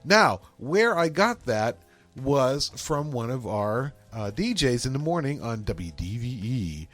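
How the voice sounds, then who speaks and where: A man's voice: mid-range voice, slow, soft background music. An older man from Pittsburgh, co-hosting a podcast and telling stories in casual chat. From Pittsburgh, USA. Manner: storytelling, animated. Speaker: podcast co-host.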